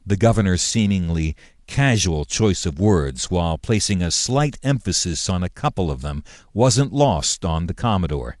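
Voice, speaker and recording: A man reads an audiobook as scripted narration, keeping his delivery even and measured. His voice is low-pitched, and the studio recording is clean with no echo.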